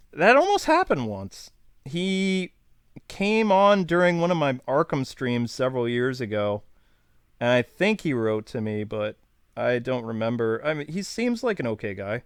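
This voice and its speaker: Man, 30s, from New York, live-stream host, rambling, self-deprecating jokes, clear voice. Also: mid-range voice, sing-song, measured pace, fairly bright tone, no room sound, clean studio sound. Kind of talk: casual live-stream chat.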